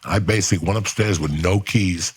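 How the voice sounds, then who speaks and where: A man telling a profane, animated story as a podcast guest, acting out what other people said. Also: low voice, fairly quick, husky. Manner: animated, swearing, acts out other people's lines.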